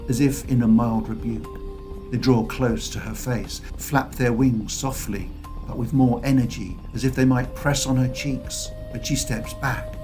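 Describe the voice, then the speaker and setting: Male audiobook narrator, unhurried and expressive, soft music under. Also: medium pitch. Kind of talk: scripted fantasy narration.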